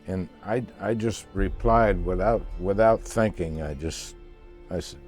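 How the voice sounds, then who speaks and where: Older man, casual storyteller, mellow tone, halting delivery. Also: deep voice, soft background music. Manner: halting, repeats words when searching for them. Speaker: interviewee recounting a past voyage.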